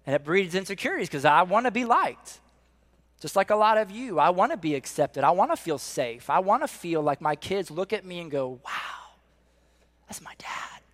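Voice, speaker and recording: A middle-aged man preaching a sermon with lively, animated storytelling. His voice sits a little high for a man, and he drops into a quiet hush for emphasis. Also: a little fast. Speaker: pastor.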